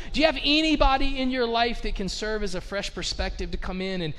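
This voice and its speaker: A man's voice: high-pitched, fairly bright tone, long reverb tail. A man preaching a casual, conversational sermon, peppering his talk with "like" and asking the listeners rhetorical questions. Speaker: pastor.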